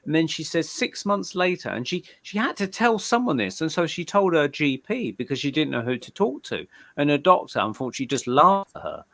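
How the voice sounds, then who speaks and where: A man's voice: a little high, sing-song, brisk, creaky, hardly any pauses, fairly bright tone. A man, a guest medium, chatting in a live interview, telling stories loosely and often repeating words as he starts a sentence. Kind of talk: casual storytelling in a live interview.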